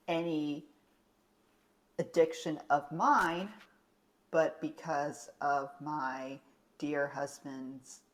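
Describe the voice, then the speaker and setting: A young woman co-hosts a relaxed podcast, her voice sitting low for a woman. She talks in a chatty, meandering way, trailing into ums and restarts as she thinks aloud. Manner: chatty, rambling with fillers. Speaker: podcast co-host. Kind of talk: casual podcast chat.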